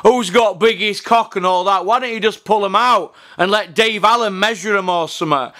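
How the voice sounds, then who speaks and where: Sweary, ranting man, high voice. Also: normal speed, sharp tone. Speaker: podcast host. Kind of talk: profane boxing rant.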